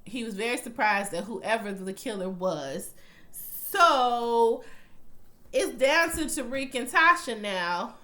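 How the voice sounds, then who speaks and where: A woman's voice: a little high, slow pace. A young woman casually recapping a TV episode, blunt and profane, retelling scenes and quoting lines as she goes. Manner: profane, blunt, animated storytelling with acted-out quotes. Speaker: TV recap vlogger.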